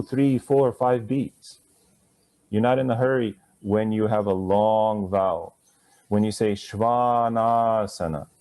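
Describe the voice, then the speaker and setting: A man with a fairly low, dark-toned voice teaches Sanskrit pronunciation to a live class. He talks conversationally, stretching words out slowly to model them and adding playful, chuckling asides.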